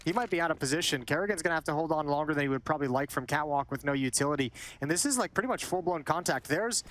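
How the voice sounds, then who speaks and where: A man giving analytical color commentary on a match, chatty and quick, often repeating words as he thinks. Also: a little high, animated, a bit bright. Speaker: esports commentator. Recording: esports broadcast with clear background noise.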